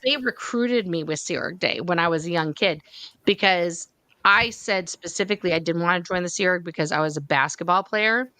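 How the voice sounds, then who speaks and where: Lively California woman telling stories. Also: fairly low pitch, brisk, no room sound. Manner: animated storyteller, puts on mock voices in quotes. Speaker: livestream co-host. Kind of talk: casual group chat, storytelling.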